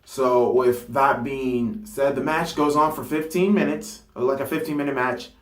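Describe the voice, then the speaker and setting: A man talking casually and excitably about a wrestling storyline, rambling with fillers and stopping to correct himself. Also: medium pitch, unhurried. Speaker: wrestling fantasy-booking vlogger. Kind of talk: casual unscripted monologue. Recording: roomy echo.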